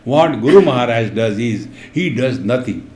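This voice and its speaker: A man's voice: mid-range voice, lively intonation, moderate pace, a little mellow. A man giving a spiritual discourse, chanting verses and explaining them with playful stories and acted voices. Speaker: spiritual teacher. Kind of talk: spiritual discourse with humorous anecdotes. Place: retreat hall. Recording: echoey hall.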